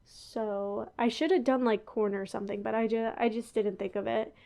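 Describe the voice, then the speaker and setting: Chatty young woman podcaster, slightly high. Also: fairly even intonation, normal speed, vocal fry, dark tone. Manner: chatty and rambling, with frequent laughs and asides. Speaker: podcast host. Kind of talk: casual chat. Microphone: headphones on, talking into a podcast mic.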